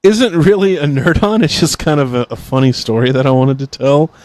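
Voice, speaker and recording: A man's voice: on the high side, fairly even intonation, brisk, darkish tone, no echo. A man co-hosting a podcast in casual chat, a rambling, chatty storyteller. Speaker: podcast co-host.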